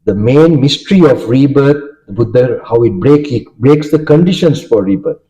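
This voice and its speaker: Sri Lankan monk teaching, very dark voice. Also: male voice, medium pitch, expressive, moderate pace. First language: Sinhala. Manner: checks understanding with frequent "okay?" and "right?". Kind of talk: dharma talk with questions to listeners. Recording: dull lo-fi recording.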